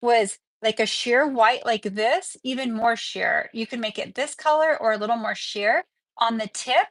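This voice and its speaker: A middle-aged nail instructor runs a livestreamed tutorial, chatting upbeat as she works. Her voice is fairly high and a bit bright, and the recording is rough but free of echo.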